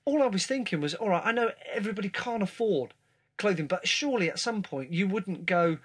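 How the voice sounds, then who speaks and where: A man in a casual chat, telling animated stories. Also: high voice, brisk, husky. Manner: storytelling, animated.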